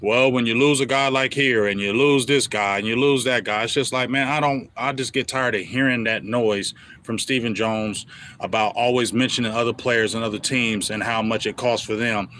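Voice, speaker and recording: A man with a medium-pitched, slightly bright voice hosts a sports show, speaking at a moderate pace with a steady tone over slight background noise. Ranting as a frustrated fan, he addresses the team's front office directly, heated and repetitive, in a fan-commentary style.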